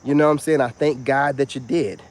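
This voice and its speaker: A man talking as a self-help influencer in a casual vlog monologue. He is animated and rambling, and he keeps repeating "you know what I'm saying.". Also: mid-range voice, a little fast.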